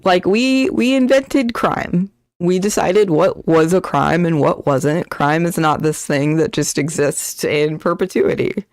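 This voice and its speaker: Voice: mid-range voice, measured pace, hardly any pauses, dry recording, clean studio sound. A co-host on a livestream chatting casually, with sarcastic offhand asides. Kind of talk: casual chat.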